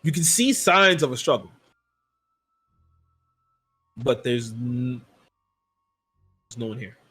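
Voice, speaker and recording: A man's voice: medium pitch, expressive, slow pace, pushed and bright, slightly rough, faint music behind. A man narrating as game master of a tabletop role-playing game, rambling and loose, with many "like" and "um" fillers.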